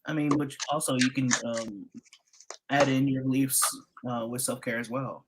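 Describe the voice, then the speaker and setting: Male guest, casual chatter, lively storyteller who curses and acts out what people said. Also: medium pitch, moderate pace, heavy background noise. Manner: animated storyteller, swears, acts out quotes. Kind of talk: casual chat.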